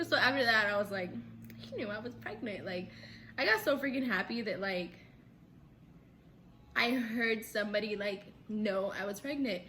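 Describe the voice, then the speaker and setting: A young woman vlogger telling a story in casual chat, animated, often laughing and acting out quotes. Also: brisk. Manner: animated, acts out quotes with big pitch jumps; laughs between lines, says "like" a lot. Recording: faint background noise.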